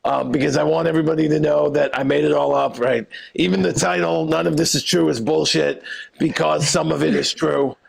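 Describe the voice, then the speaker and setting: A man's voice: fairly high pitch, fairly even intonation, fairly quick, vocal fry, rough recording. A man finishing his stand-up set with wry, self-deprecating jokes. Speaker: stand-up comic. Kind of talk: stand-up closing bit. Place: comedy club stage.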